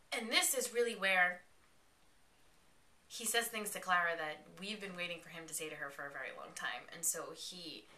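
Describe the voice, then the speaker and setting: A young woman with a very bright, sharp voice, talking fast and excitedly as she recaps a show. She jumps in and out of quick character quotes and drops the odd swear word. The sound bounces around an echoey room. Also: on the low side. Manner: animated, quoting characters in quick bursts, swearing. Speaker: podcast host recapping a TV episode.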